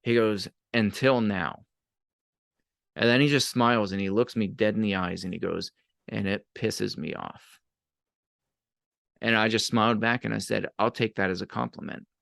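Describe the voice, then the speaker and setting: A man with a low, gravelly voice talks fast with hardly any pauses, recorded at studio quality with no room sound. He's a podcast guest and abuse advocate telling stories in casual conversation, animatedly acting out the voices of people he quotes.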